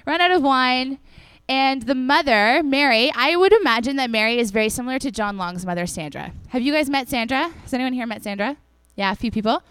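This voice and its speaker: A woman's voice: high-pitched, fairly quick, hardly any pauses, clear, resonant tone, no room sound. A young woman giving a casual, chatty sermon to a congregation, acting out the people in the stories as she tells them. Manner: chatty and animated, acts out the people in the story. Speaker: preacher.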